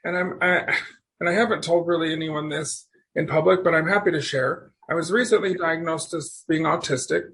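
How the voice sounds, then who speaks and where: A man as a podcast guest, telling stories in a rambling, animated way and often restarting his sentences. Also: fairly high pitch, normal speed. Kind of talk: casual storytelling conversation.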